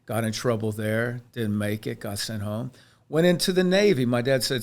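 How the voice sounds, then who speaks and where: Gravelly guy on a podcast, mid-pitched, talks through his past real candid and reflective. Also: moderate pace. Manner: earnest, reflective, with frequent restarts. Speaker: chiropractor, podcast guest. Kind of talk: candid personal storytelling in a podcast interview.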